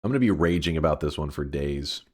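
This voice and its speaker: A man streaming a game, talking casually in an animated, mock-dramatic way and swearing often. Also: extremely low pitch, fast talker. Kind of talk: casual livestream commentary.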